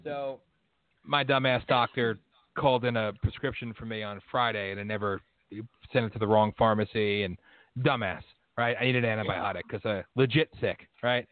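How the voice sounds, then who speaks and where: A man's voice: fairly low pitch, steady tone, moderate pace, no room sound. A man hosting a casual conversation, telling a story bluntly with plenty of profanity and getting more worked up as he goes. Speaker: host. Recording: tinny phone-line audio.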